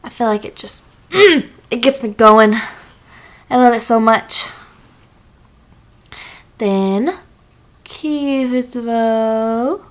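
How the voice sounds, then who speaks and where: A young beauty vlogger walks through her makeup routine in a casual tutorial chat, chatty and gushing with lots of fillers. Her voice is on the high side, very slow, with frequent pauses.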